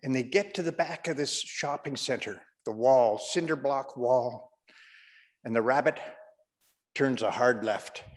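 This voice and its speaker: A man's voice: mid-range voice, unhurried, big-room sound. A man doing stand-up comedy, telling a long, rambling anecdote.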